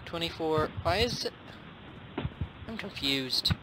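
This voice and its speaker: A young man hosting a gaming session, cheering, shouting and joking as he plays. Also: a little high, lively intonation, slow pace, background noise. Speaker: game channel host. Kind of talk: excited gaming commentary.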